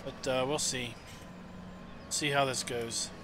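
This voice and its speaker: A man's voice: mid-range voice, fairly even intonation, slow, noisy background. A man casually chatting and telling stories while streaming a farming game, rambling with lots of fillers. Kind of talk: casual gameplay chat and storytelling.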